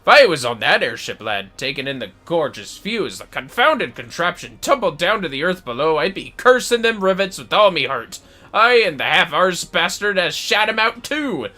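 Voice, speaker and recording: A man voicing a hearty, bossy older male craftsman with a loud, put-on brogue, reading game dialogue aloud. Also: on the high side, sing-song, moderate pace, faint music behind, voice pushed up. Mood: lecturing.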